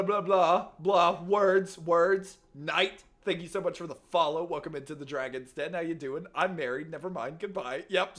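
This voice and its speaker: A young man, streaming a game and bantering loudly with chat. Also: on the high side. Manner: loud joking banter, swearing, shouting greetings. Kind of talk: casual gaming livestream chat.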